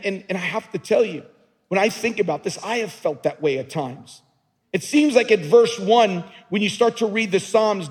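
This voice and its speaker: Earnest high-voiced male pastor, reverberant hall. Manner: earnest, emphatic, repeats words. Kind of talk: sermon. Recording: long reverb of a large hall.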